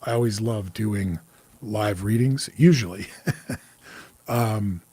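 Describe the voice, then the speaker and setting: Man, 40s, low husky voice, dry close sound; relaxed, blunt livestream host who chats with viewers. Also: slow, no room sound. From New York area. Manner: candid, loose, curses freely, greets viewers. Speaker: psychic medium host. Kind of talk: casual livestream talk.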